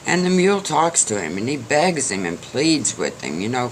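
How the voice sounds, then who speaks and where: A man's voice: medium pitch, big pitch swings, normal speed, few pauses, a little hiss or hum. An older man telling a folksy story to the camera in a chatty, joking way. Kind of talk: casual storytelling.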